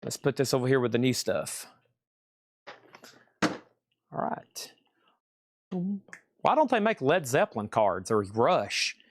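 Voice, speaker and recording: Brisk man calling a live auction. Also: medium pitch, very animated, a little hiss or hum. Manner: fast bid-calling, chatty and upbeat. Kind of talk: live-stream record auction patter.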